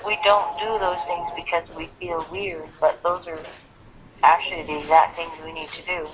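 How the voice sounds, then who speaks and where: A woman teaching English pronunciation over a video call, animated, acting out examples in put-on voices. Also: fairly low pitch, moderate pace. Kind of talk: online English lesson. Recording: phone-like call audio.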